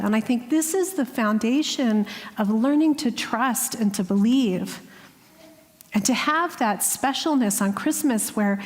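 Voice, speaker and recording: A woman giving a heartfelt, earnest sermon as guest speaker, sometimes dropping to a hushed voice. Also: fairly high pitch. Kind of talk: sermon with personal story. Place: spiritual center sanctuary. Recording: long hall reverb.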